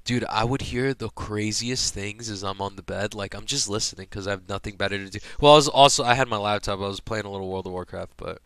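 A young man casually telling a hospital story, profane and animated, acting out the people he quotes. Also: fairly low pitch, fast talker, few pauses, dry recording.

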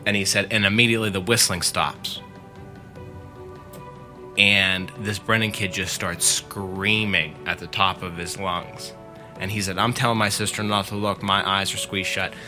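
A man with a fairly low, crisp and forceful voice spins a long story for his friends. He talks loosely and chattily, leaning on "like" and "he said" as he goes. Faint music sits underneath. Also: fairly even intonation, normal speed. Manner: chatty, leans on "like" and "he said" while retelling. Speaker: podcast co-host telling a story. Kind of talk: casual storytelling among friends.

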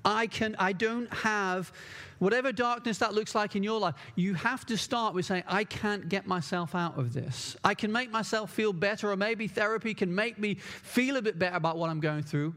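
A man's voice: sits high, moderate pace, fairly bright tone. A man preaching a sermon, earnest and emphatic, repeating key words for stress.

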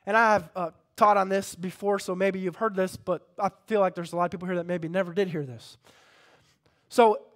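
A man preaching a sermon, impassioned, dropping to a hush and then rising loud as he calls out to the congregation. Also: sits high, fairly even intonation, fairly quick. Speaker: pastor.

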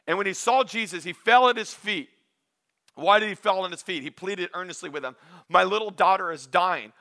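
A male pastor preaching a sermon, animated, acting out little asides with humor. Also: high-pitched.

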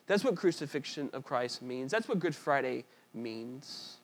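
A man's voice: mid-range voice, animated, measured pace. A man preaching an earnest, emphatic sermon, then reading a story passage aloud, with small slips and restarts.

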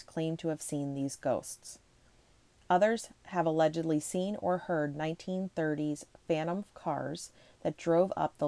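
A woman reads ghost stories to her viewers in a relaxed, chatty way. She rushes ahead, trips over words and stops to laugh at herself. Her voice sits low and mellow, recorded dry and close. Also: dry recording. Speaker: ghost-story video host. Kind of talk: casual reading of ghost stories with asides.

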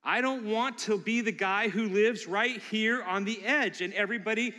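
A middle-aged male pastor with a high, bright voice delivers a sermon woven with personal stories. He talks in an animated way and slips into character voices for the people in his anecdotes. His voice rings out with the long reverb of a big church hall. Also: normal speed, few pauses.

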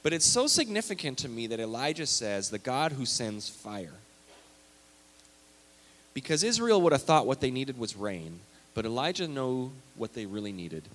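A male pastor preaching a sermon, animated and emphatic, reading scripture aloud with big swings in loudness. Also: mid-range voice, normal speed. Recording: long hall reverb.

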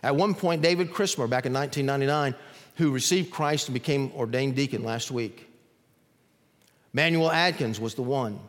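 A man preaches in a church sanctuary at a moderate pace, his mid-range voice carrying long hall reverb. As pastor, he tells stories energetically and acts out the voices within them.

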